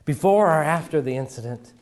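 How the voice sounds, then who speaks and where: Male preacher, middle-aged, higher register, dramatic pauses and hushed drops. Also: lively intonation. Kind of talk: sermon.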